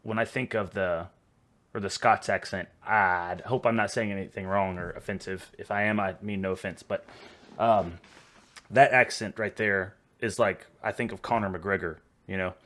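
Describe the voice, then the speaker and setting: A man's voice: low-pitched, fairly even intonation, moderate pace, fairly bright tone. A Texan man hosting a reaction video, rambling and chatty, a little tipsy. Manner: rambling, chatty, laughs easily. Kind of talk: casual reaction commentary.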